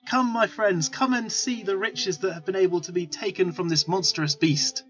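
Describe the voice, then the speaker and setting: A man voicing a boastful male gnome street hawker, shouting sales patter in a put-on foreign accent. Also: a little high, moderate pace, lightly acted. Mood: hawking. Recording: lo-fi with faint music.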